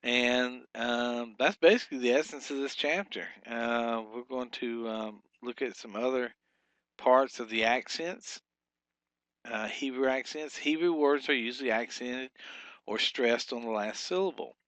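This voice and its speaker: Man teaching a patient, unhurried lesson. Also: mid-range voice, a bit bright, dry recording. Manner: patient and explanatory, with fillers and drawn-out example sounds. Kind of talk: recorded language lesson.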